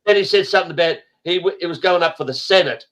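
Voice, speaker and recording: A man's voice: sits high, fast, a bit bright. A man hosting a casual group chat over a video call, blunt and rambling, swearing often. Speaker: host.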